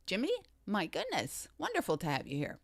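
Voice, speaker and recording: A woman's voice: medium pitch, wildly swooping pitch, brisk, vocal fry, breathy edge, dry recording. A woman hosting a casual livestream chat, upbeat and greeting viewers by name with repeated catchphrases. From Canada. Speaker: livestream host.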